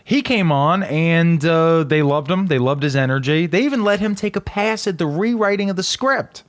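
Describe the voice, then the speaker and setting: A man co-hosting a casual movie podcast, teasing his partner and swearing freely. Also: normal speed. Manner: lively, profane, teasing banter with swings in pitch. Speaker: podcast co-host.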